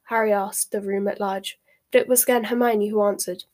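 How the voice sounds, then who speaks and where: A woman narrating a storybook with a measured, expressive reading. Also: mid-range voice. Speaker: audiobook reader.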